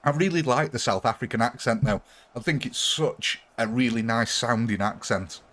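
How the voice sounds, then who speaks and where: A man's voice: medium pitch, normal speed, fairly bright tone. A man chats loosely on a live gaming stream, laughing often between lines. He answers viewers as he goes, and his voice sits right in the middle of the usual range for a man. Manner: chatty, laughs often, reads chat. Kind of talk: casual live-stream chat.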